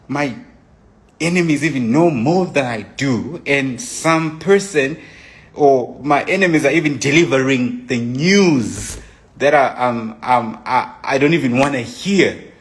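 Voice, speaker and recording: A young man giving an emotional personal account, animated, acting out his own messages as he retells them. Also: medium pitch, measured pace. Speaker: storyteller.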